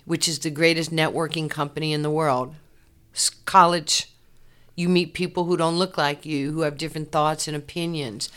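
A woman, a former athlete telling her life story in an interview, animated and laughing often. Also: low-pitched, clean tone. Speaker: interview guest, former basketball player. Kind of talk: candid personal storytelling.

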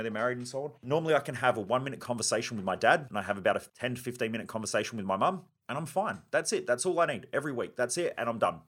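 A man's voice: medium pitch, fairly bright tone. Blunt, driven podcast host man. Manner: blunt, driven and emphatic, with casual swearing. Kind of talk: motivational self-help monologue.

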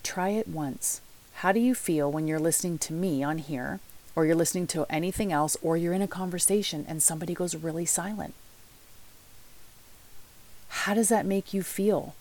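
A woman's voice: lowish voice, normal speed, darkish tone. A woman life coach giving motivational podcast talk, chatty and candid, speaking straight to her listeners.

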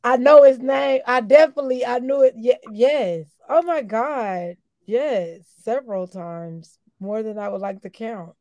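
A woman in her forties, co-hosting a casual podcast chat, animated and quick to act out the people she quotes. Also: a little high, no room sound, dull audio. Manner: animated, acts out quoted callers, laughs easily. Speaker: co-host.

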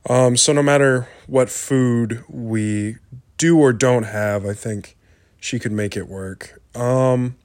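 A man giving a thoughtful, measured recorded answer as a podcast guest. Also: mid-range voice, darkish tone, dry recording. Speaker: guest, a host's boyfriend.

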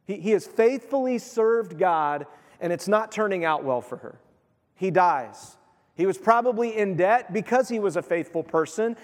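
A man preaching a sermon as pastor, in a lively, conversational way, acting out the voices of the people he quotes. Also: sits high. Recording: long hall reverb.

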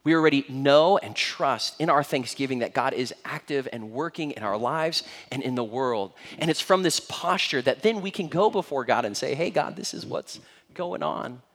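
A young adult man preaching a sermon as pastor, conversational and animated, acting out everyday moments. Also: medium pitch, normal speed, few pauses, in a large hall.

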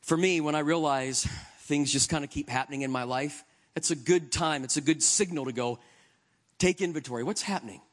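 Earnest conversational male preacher, higher voice. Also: brisk. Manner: conversational and earnest, with swings between soft and emphatic. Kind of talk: sermon.

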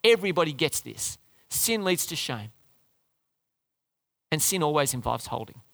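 A man preaching a sermon in a lively, conversational way, often asking the congregation questions. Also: a little high, moderate pace, vocal fry, no room sound. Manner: lively, conversational, asks the crowd questions, restarts.

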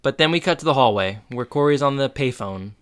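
Smooth-voiced man narrating a recap. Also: lively intonation, a little fast. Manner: narrates the plot, jumps into high voices for quotes. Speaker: podcast co-host. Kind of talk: casual recap chat.

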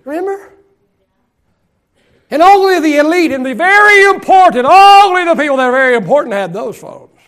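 A middle-aged pastor preaches with a strikingly high voice for a man. He swings from loud, shouted emphasis down to soft, hushed asides. He stretches key phrases out slowly to press them home. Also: animated. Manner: drawn-out, slowed phrases for emphasis. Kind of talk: sermon.

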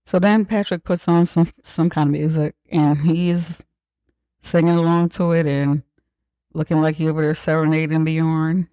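A podcast host gives a casual, profane and joking movie recap, acting out characters' lines in quick asides. The voice is medium-pitched, steady and warm, with no room sound.

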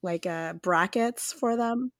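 A woman's voice: mid-range voice, slow pace, fairly bright tone, no echo, clean studio sound. A young woman co-hosting a casual podcast, teasing her co-host playfully and laughing often.

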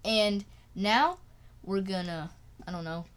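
A woman's voice: mid-range voice, slow, slight background noise. A woman hosts a light, scripted podcast with playful banter. She giggles between lines and races through the sponsor mentions. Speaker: podcast co-host.

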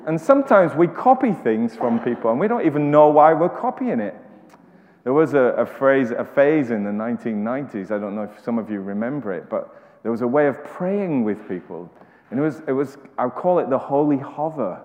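A man preaches a sermon in a loose, conversational way, restarting phrases and repeating words as he goes. His voice sits at a middling pitch. The recording rings with hall echo and sounds slightly dull. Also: very animated, fairly quick.

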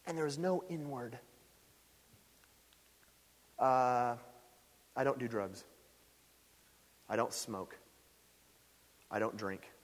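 Male preacher in an echoey church. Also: mid-range voice. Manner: animated storytelling preaching, voice rising loud when stirred. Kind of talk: sermon. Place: church sanctuary. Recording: echoey hall.

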